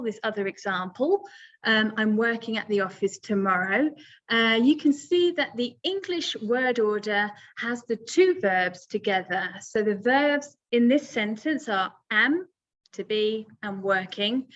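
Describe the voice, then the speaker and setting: Patient woman teaching online, lo-fi audio. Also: a little high. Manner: patient, explains step by step with fillers. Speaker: English teacher. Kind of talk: webinar lesson.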